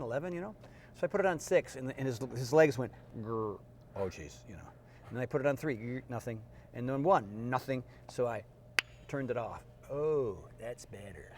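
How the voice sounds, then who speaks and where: A middle-aged man, a fitness trainer, telling lively stories in an interview and acting out the people in them. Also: mid-range voice. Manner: animated storyteller, acts out quotes in funny voices. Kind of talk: storytelling interview. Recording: faint background noise.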